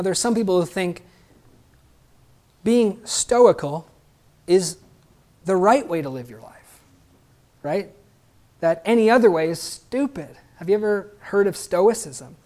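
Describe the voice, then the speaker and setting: A man's voice: high-pitched, darkish tone. Conversational preacher man. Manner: conversational, often adding a questioning "right?". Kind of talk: sermon.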